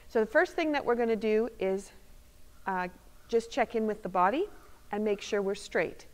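Calm female movement instructor, mid-range voice, demonstrating as she explains; recorded with a lingering hall echo. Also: mid-range voice. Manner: calm, step-by-step demonstrating while speaking. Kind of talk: guided exercise instruction. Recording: long reverb of a hall.

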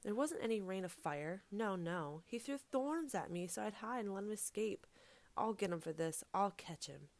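A woman's voice: mid-range voice, animated, moderate pace, dry recording, close to an everyday voice. A woman storyteller voicing a greedy, hot-tempered male fox who keeps getting fooled. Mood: vengeful.

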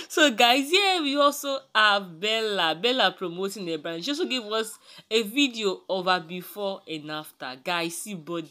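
A gossip vlog host chats straight to viewers, quick to laugh and appeal to them. The tone is bright and forceful. The pitch sits in the middle.

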